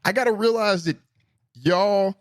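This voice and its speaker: A middle-aged man hosting a solo podcast, talking casually in a rambling, profane, animated way. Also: measured pace. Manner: animated, profane, rambling, swings between high and low pitch. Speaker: podcast host.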